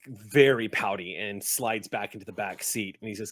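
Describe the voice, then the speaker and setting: A man narrating a tabletop game as game master, in a relaxed, loose way. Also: on the low side, fairly quick, few pauses, no room sound.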